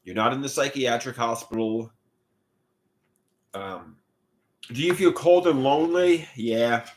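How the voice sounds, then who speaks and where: A man rambling to camera about loneliness, repeating himself, trailing off and bursting into pleading shouts. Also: mid-range voice, unhurried, slight background noise. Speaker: livestreamer.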